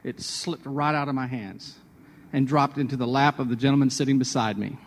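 A man's voice: medium pitch, fairly even intonation, a little fast, in a large hall. A man hosting a radio devotional, telling personal anecdotes in a chatty way before drawing a sermon point. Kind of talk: conversational devotional storytelling.

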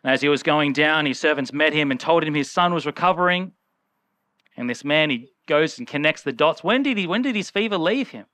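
Bright, crisp-voiced male preacher. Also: on the high side, expressive, fairly quick, no room sound. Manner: conversational, acts out the people in the story. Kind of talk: sermon.

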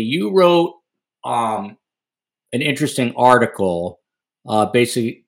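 A man hosting a podcast interview, chatty with jokey asides. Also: medium pitch. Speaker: podcast host.

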